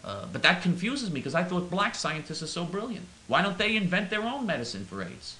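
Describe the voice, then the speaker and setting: Bright, stammering man ranting. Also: high-pitched, big pitch swings, a little fast, roomy sound, poor audio. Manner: rambling, stammering, mock-earnest. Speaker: comedic caller in character. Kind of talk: comic monologue in character.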